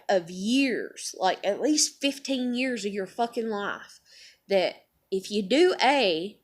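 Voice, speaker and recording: Profane, heated woman venting. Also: a little high. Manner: heated, profane, repeats phrases for emphasis; rhetorical questions. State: upset and tired. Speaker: vlogger. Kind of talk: unscripted emotional rant to camera.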